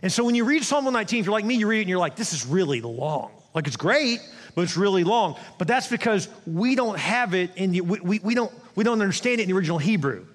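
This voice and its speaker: A man preaching a sermon as pastor, animated and conversational, with quick asides to the congregation. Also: sits high. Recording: long hall reverb.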